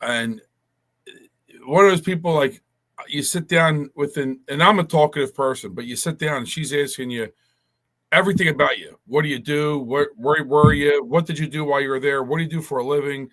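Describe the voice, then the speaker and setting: A man's voice: fairly high pitch, brisk, a bit bright. A man telling a long, rambling story in casual chat, with many restarts.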